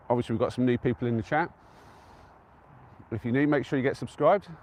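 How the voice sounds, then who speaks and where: A man's voice: medium pitch, moderate pace, darkish tone, a little hiss or hum. A man from England chatting casually on a live stream from an open hilltop, easygoing and answering viewers' comments as he goes. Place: outdoors on a windy-free open hilltop at a trig point.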